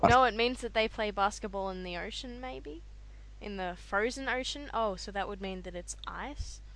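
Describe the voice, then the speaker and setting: A woman co-hosting a casual podcast chat over a call, chatty and giggly, often trailing off softly. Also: medium pitch, normal speed, poor audio. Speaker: podcast co-host.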